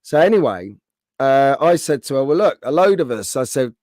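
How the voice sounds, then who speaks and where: A man hosting a casual live stream, chatting to his viewers and answering their comments by name. His throat is a bit rough and he keeps clearing it. The sound is dry and close, with a middle-pitched voice. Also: sing-song, moderate pace, a little mellow, no echo.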